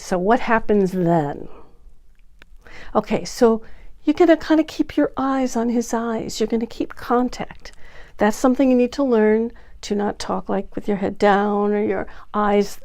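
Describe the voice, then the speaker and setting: Energetic woman dating coach. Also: mid-range voice. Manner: energetic, acts out examples with big swings. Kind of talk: coaching talk to camera.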